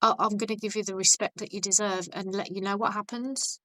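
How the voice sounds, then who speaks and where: A woman guest on a podcast, chatting casually and telling stories in a blunt, animated way with frequent restarts. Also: medium pitch, brisk, dry recording, rough recording. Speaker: podcast guest, vegan activist.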